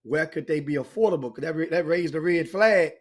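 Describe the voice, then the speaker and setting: A man's voice: a little high, a little fast. An older man, hosting a casual chat and telling a long, rambling story with many restarts. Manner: animated, rambling anecdote with frequent restarts. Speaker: host.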